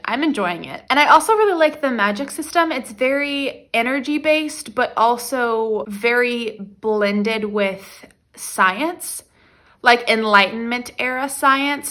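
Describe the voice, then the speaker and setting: Bright-voiced chatty young woman. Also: on the high side. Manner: chatty, rambling, excitable with many fillers. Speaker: reading vlogger. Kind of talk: casual chat to camera.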